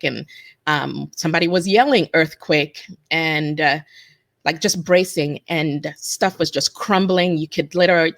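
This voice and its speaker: Woman recalling a disaster, halting. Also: lowish voice, dry recording, studio quality. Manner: halting, with restarts and self-corrections. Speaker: interview guest, attack survivor. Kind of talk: emotional personal testimony.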